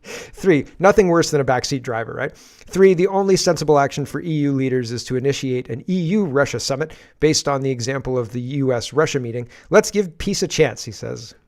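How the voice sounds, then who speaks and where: A man's voice: medium pitch, a little fast, darkish tone. A man hosting a daily political commentary livestream, reading posts aloud with sarcastic asides and frequent laughs.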